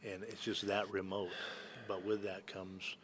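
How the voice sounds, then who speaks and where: This is a podcast guest from Northern California, an entrepreneur and hunting guide, whose low voice is a bit bright, level in tone, and measured in pace. A little hiss or hum accompanies his rambling, casual stories, which are full of fillers and restarts.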